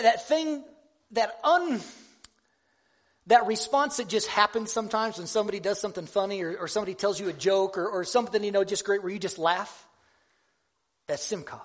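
A man delivers a sermon in a high, light voice. He talks like he's chatting with friends, pokes fun at himself, and often stops to restart a thought. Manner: conversational, self-deprecating, halting restarts. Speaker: preacher.

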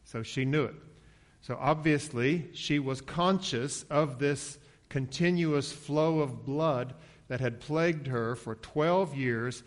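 Man, preacher, sermon, conversational, mid-pitched voice, acts out quotes. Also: slow. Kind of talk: expository sermon.

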